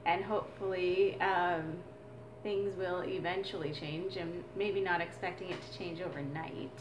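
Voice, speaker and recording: A woman's voice: lowish voice, fairly even intonation, unhurried, noisy background. A woman teaching a drumming exercise as a mother, explaining in an earnest, reflective way. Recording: echoey room with drums.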